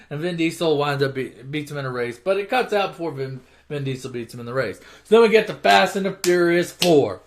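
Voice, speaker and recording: A man with a high-pitched voice recaps a car movie series as a casual, profane rant. He swears nonstop and sneers at the plots. Now and then he bursts into shouted, put-on character voices. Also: brisk. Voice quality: swears constantly, mocks and rants.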